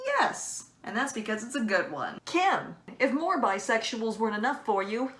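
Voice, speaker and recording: A woman's voice: on the high side, expressive, normal speed, fairly bright tone. A young woman giving playful, sassy commentary in a casual vlog, with sudden emphatic outbursts. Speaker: video creator.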